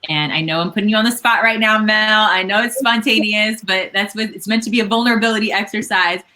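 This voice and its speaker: A woman's voice: mid-range voice, fast talker, bright, forceful tone. A woman hosting a casual live book talk, effusive and encouraging, with many restarts and fillers. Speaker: author and host of book event.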